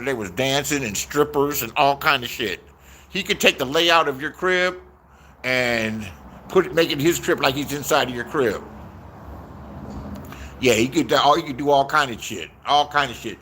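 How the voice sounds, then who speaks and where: A man's voice: medium pitch, normal speed, pushed and bright. A man telling stories in a casual, rambling rant, swearing a lot and repeating his phrases.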